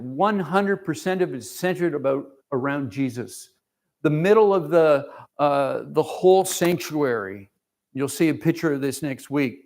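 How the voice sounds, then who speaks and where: Gravelly man sharing a church testimony. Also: a little high, darkish tone. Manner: rambling, emotional storytelling with many fillers and restarts. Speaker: church member giving a mission report. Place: church sanctuary.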